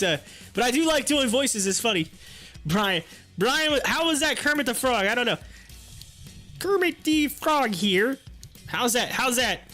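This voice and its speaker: A man hosting a live stream in relaxed, rambling chat, laughing often as he talks. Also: high-pitched. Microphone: headphones on.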